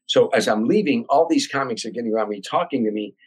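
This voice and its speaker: An older man from Chicago, a comedian telling a long anecdote as a podcast guest, animated and acting out voices and sounds. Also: medium pitch, quick pace, slightly rough, rough recording. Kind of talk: storytelling anecdote.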